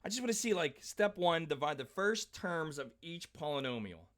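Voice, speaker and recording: Man, forties, math teacher, chatty, animated, slightly high voice, bright and forceful tone. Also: normal speed. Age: 40s. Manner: chatty, animated storyteller, talks directly to students by name. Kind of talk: live class lecture with side stories.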